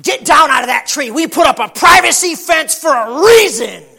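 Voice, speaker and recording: A man's voice: extremely high pitch, animated, normal speed, gravelly, bright, forceful tone, voice pushed up, exaggerated voice. A man voicing a cranky woman neighbor shrilly scolding a child, in a sermon story.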